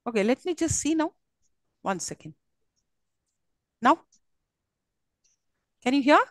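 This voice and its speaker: A woman's voice: sits high, lively intonation, slow, dry recording, low-quality recording. A woman with an Indian English accent giving a live online university lecture, explaining at length with many fillers and restarts and often checking in with her class.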